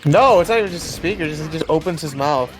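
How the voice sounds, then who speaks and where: A man's voice: fairly high pitch, expressive, fast, over music. A man co-hosting a casual gaming stream, teasing playfully and laughing often.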